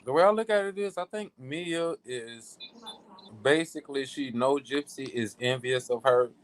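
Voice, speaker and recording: A man's voice: mid-range voice, normal speed, slight background noise. A man on a live panel giving his opinions in casual, informal talk. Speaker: panel guest. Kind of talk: casual chat.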